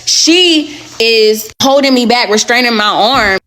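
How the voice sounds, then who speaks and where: A woman's voice: a little high, lively intonation, slow, a bit bright. A young adult woman telling a personal story in a casual storytime vlog, candid, slangy and blunt.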